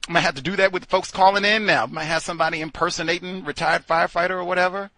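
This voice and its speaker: A man hosting a call-in show, talking casually and jokingly, swinging between loud exclamations and low mutters. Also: fairly even intonation, fast talker, no echo. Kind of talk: casual monologue.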